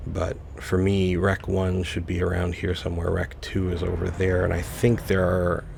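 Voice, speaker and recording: A man's voice: low-pitched, monotone, normal speed, creaky, a little mellow, a little hiss or hum. A man casually commenting on his own gameplay, musing aloud to himself as he plays. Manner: musing, talks to himself while playing. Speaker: let's play host.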